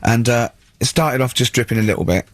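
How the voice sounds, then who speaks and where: A man's voice: medium pitch, fast talker, no room sound. A man co-hosting a radio show, telling wry anecdotes in casual banter. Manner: wry anecdotes, quoting people in voices. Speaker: radio co-host.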